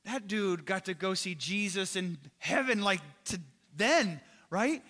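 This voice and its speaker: A man's voice: high voice, expressive, unhurried, bright, forceful tone, big-room sound. A man preaching a sermon in a casual, conversational way, often turning to his listeners directly. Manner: casual, conversational, addresses listeners as "you guys". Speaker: pastor.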